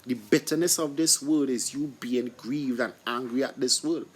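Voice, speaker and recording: At a moderate pace, a man with a slightly rough, mid-range voice gives a casual scripture talk. He keeps questioning and answering himself, tripping over repeated words and restarting with fillers.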